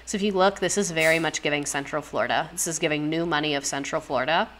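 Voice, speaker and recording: A young woman hosts a casual livestream, talking straight to her viewers. Her voice sits a little low, and she reacts in bursts of gasps and profanity. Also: fast, slight background noise. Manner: animated, gasping, profane, talks to chat directly. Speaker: livestream host.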